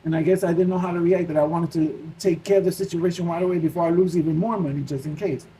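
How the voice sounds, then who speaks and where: A man with a New York accent, telling a personal faith story in a casual, animated way and acting out his own worried thoughts. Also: a little high, quick pace, rough recording. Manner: animated, restarts often, acts out his own panicked thoughts. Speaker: Christian vlogger.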